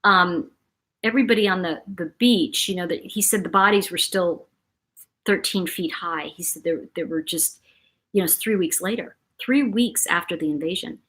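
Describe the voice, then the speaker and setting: A woman's voice: lowish voice, normal speed, a bit bright, breathy edge. A middle-aged woman hosting a casual livestream, talking in a rambling, chatty way and greeting viewers by name. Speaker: livestream host.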